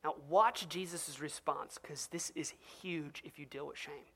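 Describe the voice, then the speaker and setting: Pastor, sermon, animated, conversational, middle pitch, direct questions to the listeners. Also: measured pace, breathy edge. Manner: animated conversational preaching, acts out quoted voices; asks the audience direct questions.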